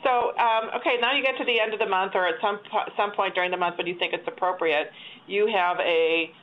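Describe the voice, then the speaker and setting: A woman's voice: mid-range voice, fairly even intonation, brisk. A woman hosting a webinar interview, conversational and asking follow-up questions. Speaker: webinar host. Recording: tinny phone-like line with faint hiss.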